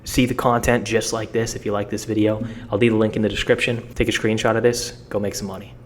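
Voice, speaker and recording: A man's voice: on the low side, little pitch movement, fast. Young man, social media coach, casual how-to talk, blunt slangy delivery, restarts and repeats, faint background noise.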